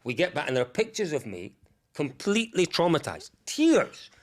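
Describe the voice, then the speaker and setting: A man who is a guest on a podcast, telling vivid, excitable stories in casual chat and swearing freely. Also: fairly high pitch, normal speed. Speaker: podcast guest, rally commentator. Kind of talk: animated storytelling in casual chat.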